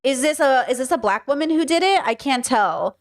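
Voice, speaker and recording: A woman hosting her own podcast, talking through clips in a loose, frank way. Her pitch moves around a great deal and sits slightly high. She swears now and then and says "like" constantly. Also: lively intonation, brisk, a loud crowd, heavy background noise. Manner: chatty, frank, swears, frequent "like" and "okay". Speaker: podcast host reacting to clips. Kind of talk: casual commentary.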